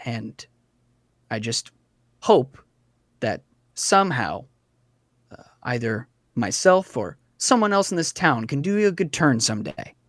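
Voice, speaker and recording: A man voicing a gentle, earnest father. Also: mid-range voice, sing-song, dry recording, clean studio sound. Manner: earnest and hesitant, halting restarts.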